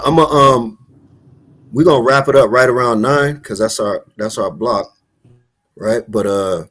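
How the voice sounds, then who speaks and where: A man hosting a live Bible study call, talking in a casual, animated, preacherly way. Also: medium pitch. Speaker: host of an online Bible study talk.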